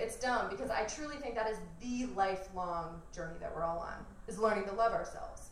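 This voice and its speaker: A woman's voice: medium pitch, brisk, few pauses, a crowd in the background. A young woman telling a personal story to an audience, candid and laughing often, mimicking her family in quotes. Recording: echoey room from far off, faint ambience.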